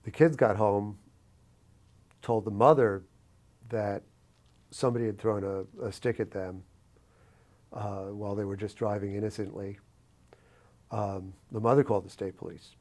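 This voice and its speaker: A man from New York City telling a personal story in an oral history interview, reflective and lively, with many fillers. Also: on the low side, a little slow, long pauses. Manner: reflective, animated anecdotal telling with frequent fillers.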